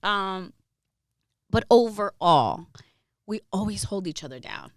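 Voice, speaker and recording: A woman in a dry, close studio sound, telling a story in a lively, animated way. She laughs often and slips into quoted voices. Her pitch is middle for a woman. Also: slow pace, dry recording. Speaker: radio host, guest. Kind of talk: casual storytelling interview.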